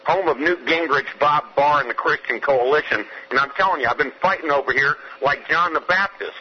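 A man's voice: fairly high pitch, brisk, husky, dull audio. A man from Georgia, calling in to a radio show with a fiery, profane, emphatic rant. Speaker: caller. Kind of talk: angry phone-in rant.

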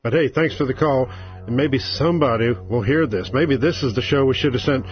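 A man's voice: medium pitch, moderate pace, highs cut off, soft background music. A male talk radio host giving an opinionated monologue in a sarcastic, combative manner. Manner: sarcastic, combative, rising to exasperated outbursts.

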